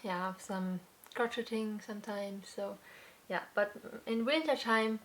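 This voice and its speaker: A young woman hosts her own crafting podcast and talks slowly and easily, stopping often with fillers and restarting her sentences. Her breath runs a little short now and then. Her pitch is about average for a woman. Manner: unhurried, with many fillers and restarts. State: slightly out of breath. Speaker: podcast host. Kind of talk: casual chat.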